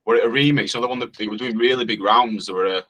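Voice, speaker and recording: A man with a Yorkshire accent, a guest musician speaking in a relaxed, hesitant way with northern dialect words. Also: medium pitch, rapid-fire, husky, rough recording. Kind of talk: casual interview chat.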